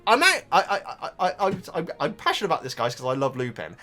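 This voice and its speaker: A man's voice: on the high side, wildly swooping pitch, fast, bright, forceful tone, faint music behind. A man rambling casually to his viewers about a book, with lots of restarts and asides. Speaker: vlogger reacting to a book.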